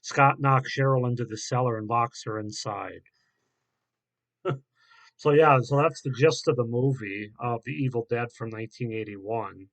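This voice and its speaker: A man reviewing a horror film in a casual, halting way, with many fillers and restarts. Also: medium pitch, a bit bright.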